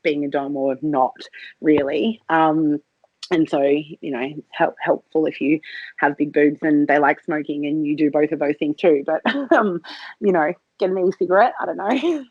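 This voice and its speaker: Giggly, low-voiced woman guest. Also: normal speed, breathy edge, dry recording, highs cut off. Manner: giggly, laughs often mid-sentence; hesitant, many fillers and restarts. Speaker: podcast guest, cam model. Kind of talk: casual interview chat.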